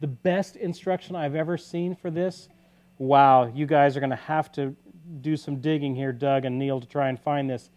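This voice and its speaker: A man's voice: mid-range voice, steady tone, normal speed, darkish tone, lo-fi sound. A man hosting a casual live-stream guitar lesson, talking loosely and counting beats aloud while he plays. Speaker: guitar teacher and livestream host. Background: guitar playing.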